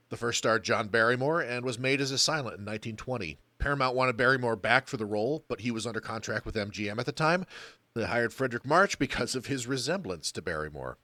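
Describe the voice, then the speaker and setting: A man's voice: medium pitch, expressive, a little fast, bright, forceful tone, dry recording. A man co-hosting a podcast, talking casually and bluntly about an old film and swearing freely. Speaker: podcast co-host.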